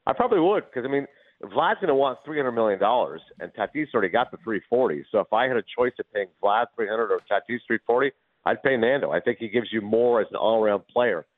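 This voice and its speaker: A man calling into a sports radio show as a guest, chatting fast and animatedly about baseball and movies. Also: fairly low pitch, no echo. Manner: fast, animated, does impressions. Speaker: guest commentator. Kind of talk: casual sports radio chat. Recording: tinny phone-line sound.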